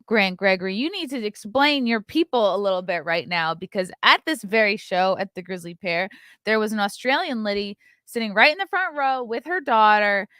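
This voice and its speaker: A woman in her thirties hosts a casual live stream, telling brash, sarcastic stories and reading out viewer messages. Her medium-pitched voice is a bit bright with a clean tone, recorded dry with clean studio sound.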